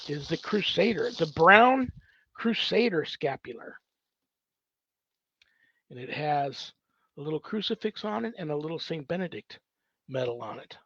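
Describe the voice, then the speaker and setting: A man's voice: fairly high pitch, very animated, unhurried, long pauses, fairly bright tone, dry recording, highs cut off. A man, a priest hosting his own show, answers viewer questions at home in a casual, rambling way full of fillers. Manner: rambling, filler-heavy, thinking aloud. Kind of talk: casual livestream Q&A.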